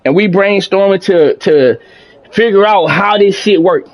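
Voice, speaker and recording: Man, very high voice, casual livestream talk, motivational, repetitive. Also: a little slow. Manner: preachy, motivational, repeats himself, reads out chat. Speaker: streamer talking to his live chat.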